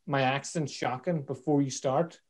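A man hosts a relaxed interview, talking at a middle pitch. He jokes, swears freely and drifts into rambling asides before he finds his way back to the question. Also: moderate pace. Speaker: podcast host. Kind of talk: casual interview chat.

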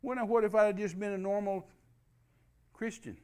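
A man's voice: high-pitched, steady tone, normal speed, mellow, smooth. A man preaching a sermon, emphatic and repetitive, spelling out key words letter by letter.

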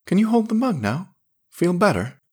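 A man voicing an excitable young male space adventurer in a raised, urgent voice. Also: high voice, moderate pace, breathy edge, pitched above the performer's own voice, heavily acted. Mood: excited.

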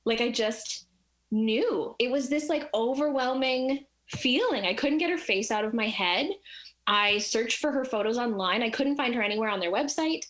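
A woman telling a personal story in casual chat, animated and acting out the voices of the people in it. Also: fairly high pitch, normal speed.

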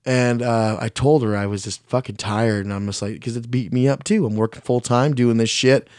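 A man's voice: mid-range voice, fairly even intonation, moderate pace, darkish tone, no echo, studio quality. Blunt, swearing man telling a story. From Mexican heritage. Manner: blunt, heavy swearing, rambling; frank and self-critical. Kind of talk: casual storytelling chat.

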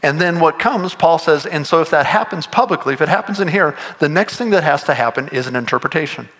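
Animated male pastor preaching. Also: fairly high pitch, quick pace. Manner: conversational, animated, quotes imagined voices. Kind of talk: sermon.

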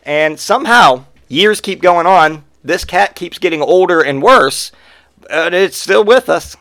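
A man's voice: sits high, lively intonation, measured pace, bright, forceful tone, no room sound, studio quality. Profane, rambling male podcast host. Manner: rambling and profane, with frequent swearing. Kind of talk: casual storytelling monologue.

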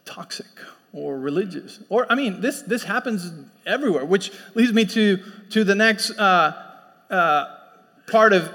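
Pastor guy preaching, kinda high voice, church hall echo all around, chatty storytelling vibe. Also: a bit bright. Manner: conversational storytelling with acted quotes. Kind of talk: sermon. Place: church sanctuary. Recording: long church hall reverb.

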